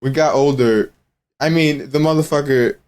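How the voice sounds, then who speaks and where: A man's voice: fairly high pitch, moderate pace, darkish tone. A young man talking as a podcast guest in casual chat, blunt and profane, and laughing often.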